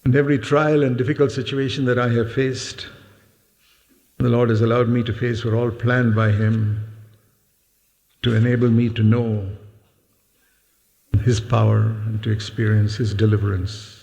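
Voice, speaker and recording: A man's voice: medium pitch, little pitch movement, moderate pace, gravelly, long pauses, a little mellow. An older man preaching a sermon in a church hall. He speaks earnestly and emphatically, repeats key words, and sometimes speaks directly to the children in the congregation. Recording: long hall reverb.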